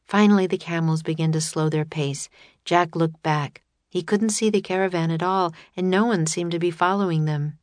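Female audiobook narrator, lower voice, dry close sound, storybook reading. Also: fairly even intonation, moderate pace, dry recording.

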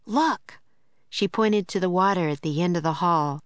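A woman reading a children's chapter book aloud in an even, clear storytelling voice. Her pitch sits on the low side. The recording is close and dry with no room sound. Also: brisk, no echo. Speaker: audiobook narrator. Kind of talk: scripted narration.

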